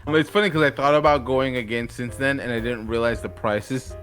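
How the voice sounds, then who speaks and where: A man's voice: mid-range voice, steady tone, fairly quick, fairly bright tone, soft background music. Easygoing man in casual podcast chat. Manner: easygoing, brief reactions. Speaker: podcast co-host.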